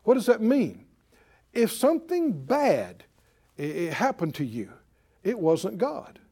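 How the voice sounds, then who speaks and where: A man's voice: sits high, wildly swooping pitch, slow pace, dark tone, breathy edge. A man preaching a sermon as pastor, emphatic, repeating phrases and drawing call-and-response from the congregation.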